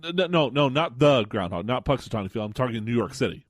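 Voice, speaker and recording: Male radio co-host, mid pitch, dry sound, rambling and jokey. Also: lively intonation, fast, dry recording. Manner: rambling, many fillers and restarts, jokey. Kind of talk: casual radio chat.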